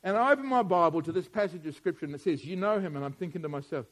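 A middle-aged man preaching a sermon, moving from quiet musing to loud, emphatic preaching. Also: high-pitched, very fast.

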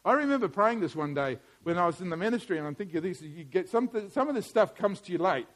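A middle-aged man preaching a sermon, moving from quiet musing to loud, emphatic preaching. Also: high-pitched, lively intonation, fast.

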